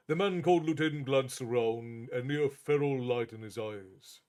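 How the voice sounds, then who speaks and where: A man telling a fantasy story as a steady, measured storyteller. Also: medium pitch. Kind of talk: reading a fantasy novel aloud. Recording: faint background music.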